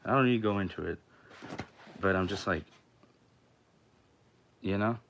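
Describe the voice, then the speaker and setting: A man's voice: low-pitched, unhurried, a bit bright. A man hosting a livestream, telling a story in casual, blunt talk full of swearing and quoted dialogue. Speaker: livestream host.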